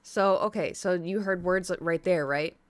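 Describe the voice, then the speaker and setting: A woman streaming live, telling a rambling story to her chat in a casual, animated way. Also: on the low side, a little slow. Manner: chatty, rambling, animated retelling.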